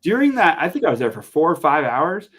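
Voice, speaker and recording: A young adult man from Montana, a podcast guest telling a story in a casual, animated way, full of fillers. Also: a little high, fairly quick. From Montana, USA. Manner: animated, chatty, lots of fillers.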